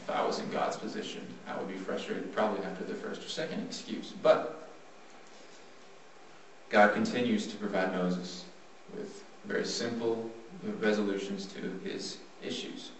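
A man giving a devotional Bible talk, plain and earnest, slowing down when he reads scripture. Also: fairly low pitch, fairly even intonation. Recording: echoey room from far off, faint noise.

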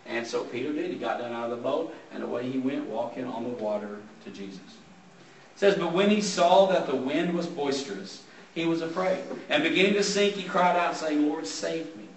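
A man's voice: fairly high pitch, animated, normal speed, a little hiss or hum. A man preaching a sermon in a church hall, talking casually as he reads scripture aloud and explains it. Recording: roomy sound from a distant mic.

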